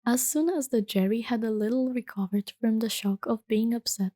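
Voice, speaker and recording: A woman reading a bedtime story in a gentle, hushed soft-spoken ASMR style that slips into whispers. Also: on the high side, fairly even intonation, moderate pace, few pauses, dry recording.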